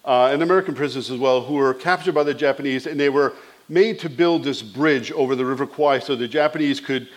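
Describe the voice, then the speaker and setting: A man's voice: medium pitch, fast talker. A man preaching a sermon with fervent, rising emphasis, slipping into conversational asides.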